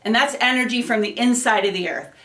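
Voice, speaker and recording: A woman energy educator teaching children, explaining each source and leading them through slow rhythmic chants. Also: a little high, fairly bright tone. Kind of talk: classroom lesson with chants. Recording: echoey room, mic at a distance.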